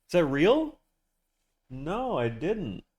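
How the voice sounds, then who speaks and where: A man's voice: on the high side, big pitch swings, slow pace, darkish tone, breathy edge. A man streaming live, chatting casually and rambling, swearing often and answering his chat. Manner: rambling, profane, talking back to chat.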